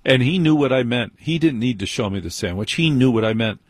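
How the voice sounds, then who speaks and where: A man's voice: medium pitch, expressive, fairly quick, no room sound. A middle-aged man from New Jersey, hosting a late-night radio talk show with a wry, grumbling monologue. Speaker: radio host.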